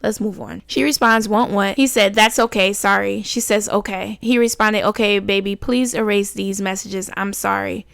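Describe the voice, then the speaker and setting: Blunt, smooth-voiced woman reacting to texts. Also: medium pitch, steady tone, normal speed, few pauses, dry recording, clean studio sound. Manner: blunt, exasperated, rising loud when indignant. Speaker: reaction channel host. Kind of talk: casual commentary reading text messages.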